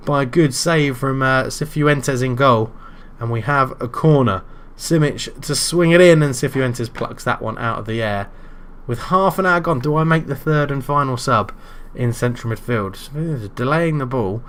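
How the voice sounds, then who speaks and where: British guy narrating his football sim, goes loud and excited at the goals. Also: medium pitch, moderate pace. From Britain. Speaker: gaming YouTuber. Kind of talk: game commentary.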